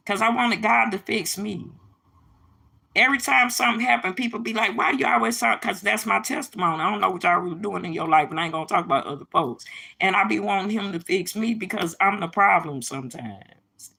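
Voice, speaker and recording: A middle-aged woman speaking on a casual livestream, preachy and emphatic, with a blunt, profane edge as she addresses her viewers directly. Her voice is gravelly and husky, with a tense, bright bite to it. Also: medium pitch. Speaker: livestream host.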